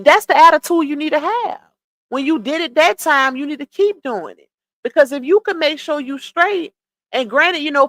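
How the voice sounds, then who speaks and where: Woman with a high voice going off on a livestream, blunt and scolding, dry close sound. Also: a bit bright, no echo. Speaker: livestream commentator. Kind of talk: casual gossip commentary.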